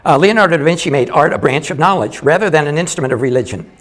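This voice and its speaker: Telling jokes on a live stand-up stage, this older man speaks haltingly, restarting often and chuckling softly. His voice sits a little high, with lively intonation and a fairly bright tone.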